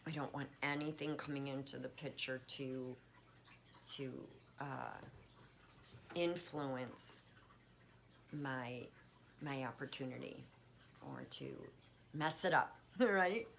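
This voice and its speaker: Casual home vlogger, woman, deep and a bit creaky, faint room hiss. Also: takes it slowly, long pauses. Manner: chatty, warm toward her pets, frequent fillers. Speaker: spiritual vlogger. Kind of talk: casual check-in chat. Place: at home with pets.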